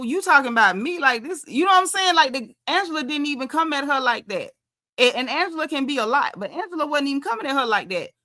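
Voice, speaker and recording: Sassy, bright-voiced woman recapping reality TV. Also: high voice. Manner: sassy, animated, acts out quotes. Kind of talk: casual recap commentary.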